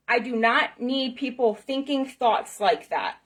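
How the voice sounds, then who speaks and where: Speaking to camera, a middle-aged spiritual self-help speaker delivers an emphatic, passionate motivational talk, repeating herself and checking in with "okay?" and "right?". Her voice is on the high side, expressive and fairly bright, at a measured pace with few pauses.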